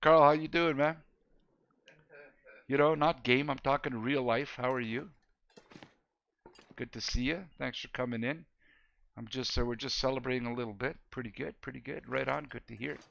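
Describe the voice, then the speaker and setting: A man's voice: mid-range voice, fairly even intonation, moderate pace, vocal fry, pauses often, fairly bright tone, highs cut off. A man streaming a video game, chatting casually with viewers in a laid-back, joking way and laughing often. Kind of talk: casual gameplay chat with viewers.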